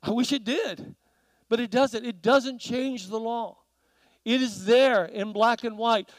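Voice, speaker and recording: Male preacher, high voice, dry close sound, lively storytelling sermon, questions to the crowd. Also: dry recording, rough recording. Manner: animated storytelling with audience questions. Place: church.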